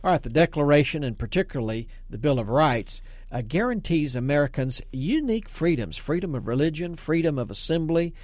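A man hosting a talk radio show, taking callers and speaking briskly and emphatically. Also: on the high side, lively intonation, darkish tone, dry recording. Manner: brisk, emphatic, takes calls.

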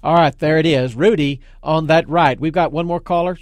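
A man hosting a talk radio show, taking callers and speaking briskly and emphatically. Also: on the high side, no room sound. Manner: brisk, emphatic, takes calls.

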